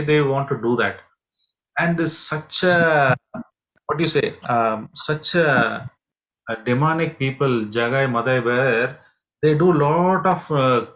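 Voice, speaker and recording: Man, halting storyteller. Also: medium pitch, a bit bright, rough recording. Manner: halting, with many fillers and restarts. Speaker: pilgrimage guide and teacher. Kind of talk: devotional storytelling lesson.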